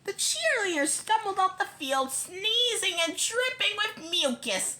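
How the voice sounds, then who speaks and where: Woman reader for a kids' book, bright and animated, expressive with the odd slip. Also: extremely high pitch, measured pace. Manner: expressive storytelling with small stumbles. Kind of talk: reading a children's book aloud.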